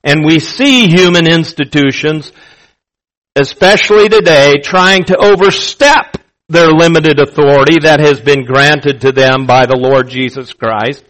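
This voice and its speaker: Male pastor, sermon, slightly high voice, slow deliberate delivery, repeats key phrases. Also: fairly bright tone, rough recording.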